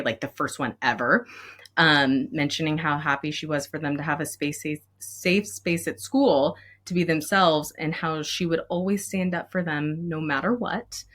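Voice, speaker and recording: A woman speaking as a school counselor guest in a candid podcast conversation, expressive and laughing often, moved to emotion at times. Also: low-pitched.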